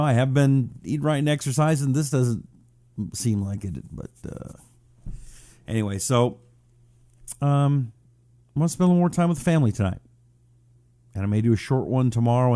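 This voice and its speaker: Dark-voiced, chatty male talk host. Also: medium pitch, no room sound, studio quality. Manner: chatty, reads viewer check-ins aloud. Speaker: radio talk show host. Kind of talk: casual live-stream chat.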